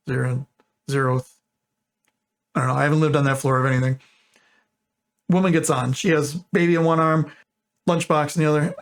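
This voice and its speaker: A man spins out a long joke in a loose, chatty way, wandering off into side remarks and correcting himself as he goes. His voice sits a little high for a man, and he rushes through the asides. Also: gravelly. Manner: rambling, digressive, self-correcting. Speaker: channel host. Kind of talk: casual joke telling.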